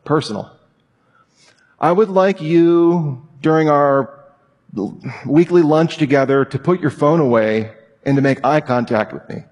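Animated man teaching in a reverberant hall. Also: a little high, breathy edge. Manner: animated, acts out example lines in quotes. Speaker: Bible teacher. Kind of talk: sermon-style teaching talk.

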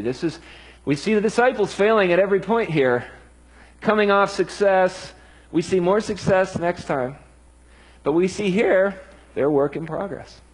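A man's voice: high voice, breathy edge, low-quality recording. A man preaching a sermon in an earnest, emphatic way.

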